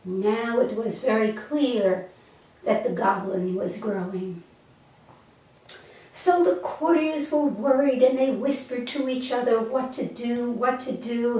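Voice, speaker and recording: A woman telling a parable slowly and gently and then reflecting on its spiritual meaning, with a few small stumbles, recorded from a distance in an echoey room. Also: fairly high pitch. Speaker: storyteller and teacher. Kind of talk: slow storytelling and spiritual teaching. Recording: echoey room, mic far off.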